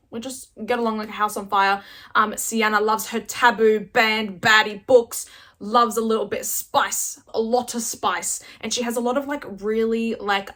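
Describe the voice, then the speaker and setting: A woman's voice: medium pitch, bright, forceful tone. Australian woman, casual book vlog host, chatty and effusive. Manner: bubbly and gushing, chatty with many likes. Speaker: book vlogger. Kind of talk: casual chat to camera.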